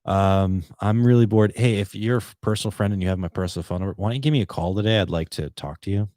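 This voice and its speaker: Deep-voiced rambling man on his podcast. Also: fast talker, warm tone, no room sound. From Boston, USA. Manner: rambling, self-deprecating, loose and profane. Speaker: podcast host. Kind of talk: casual solo podcast chat. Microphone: headphones with podcast mic.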